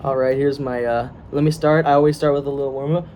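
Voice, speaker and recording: A man's voice: medium pitch, little pitch movement, quick pace, few pauses, lo-fi sound. A young American man chatting casually before a script reading, joking, laughing often and tripping over his words. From United States. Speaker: co-host of a script reading video. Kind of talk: casual banter. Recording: faint room noise.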